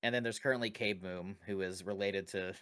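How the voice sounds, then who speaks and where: A man's voice: deep voice, steady tone, moderate pace, sharp tone, clean tone. A man co-hosting a podcast, who is also a dungeon master, chatting loosely about his tabletop characters, swearing and laughing often. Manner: loose and profane, laughing often, rambling with restarts. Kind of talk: casual podcast chat.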